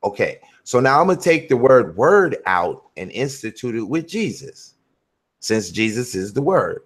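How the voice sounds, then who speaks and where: A man hosting a casual talk, slowly explaining his view and reading scripture aloud with deliberate emphasis. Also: medium pitch, very animated, husky. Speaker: host. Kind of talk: casual religious discussion.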